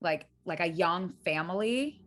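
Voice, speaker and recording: A woman's voice: on the low side, animated, unhurried, fairly bright tone. A woman playing a tabletop game, talking hesitantly with lots of "like" and restarts as she decides what to do. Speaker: player. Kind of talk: casual tabletop play.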